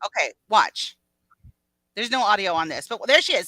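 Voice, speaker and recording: A woman co-hosting a livestream from a home mic, telling a story excitedly and swearing freely. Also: medium pitch, normal speed, dry recording, poor audio. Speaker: livestream co-host. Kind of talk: casual gossip chat.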